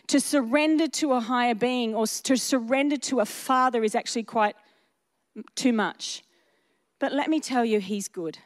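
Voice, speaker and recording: Woman preacher, fairly high voice, earnest sermon, emphatic, conversational, repeats phrases.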